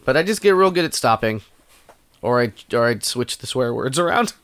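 A man co-hosting a podcast, bantering casually and joking with quick asides. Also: medium pitch, clean tone. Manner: lively, jokey, quick asides. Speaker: podcast co-host.

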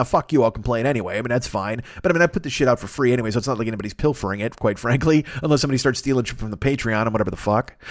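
Fast-talking, profane man hosting solo. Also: medium pitch, no room sound, studio quality. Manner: profane, rambling, riffing with voiced asides. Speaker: podcast host. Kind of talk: casual solo monologue.

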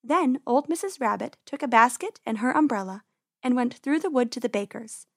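A woman reading a children's story aloud in an expressive, lively way. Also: fairly high pitch, moderate pace, no echo, clean studio sound.

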